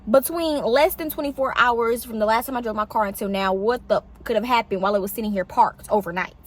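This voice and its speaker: Young woman vlogging outside, kinda high voice, lots of "like" and cussing, pitch jumping around. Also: quick pace. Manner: animated, swearing, filler-heavy, pitch jumps on exclamations. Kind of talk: casual storytime. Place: outdoors in shade.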